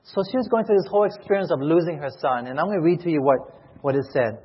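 High-voiced husky pastor in an echoey hall. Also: male voice, quick pace. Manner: emotional, pleading preaching with repeated questions. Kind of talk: sermon. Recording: echoey hall, muffled lo-fi sound.

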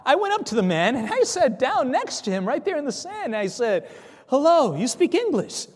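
A man telling a story in a sermon, animated, acting out dialogue, with frequent stammering restarts. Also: very high voice, fairly quick, in a large hall. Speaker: preacher. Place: church.

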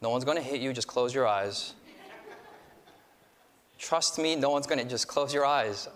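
A man's voice: mid-range voice, a little slow, a bit bright, a little hiss or hum. A man preaching as a pastor, leading the congregation in call-and-response with self-deprecating humor. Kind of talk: sermon. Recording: reverberant hall.

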